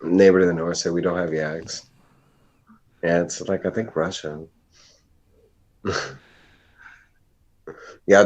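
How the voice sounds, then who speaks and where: A man from the East Coast chatting in a relaxed, drawling way. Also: low voice. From near New York State, East Coast. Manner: relaxed, drawling, says y'all. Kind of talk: casual chat. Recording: dull lo-fi remote audio.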